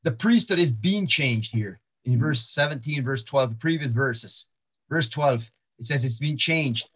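A man's voice: mid-range voice, lively intonation, a little slow, a bit bright, breathy edge. A man preaching a sermon, walking through Bible verses with many restarts and fillers. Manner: walks through verses, repeats words and restarts, frequent fillers. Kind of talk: sermon-style Bible teaching.

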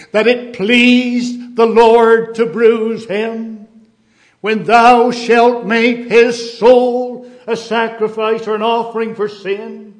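A man preaching a sermon in a measured, emphatic way, repeating key phrases. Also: very high-pitched.

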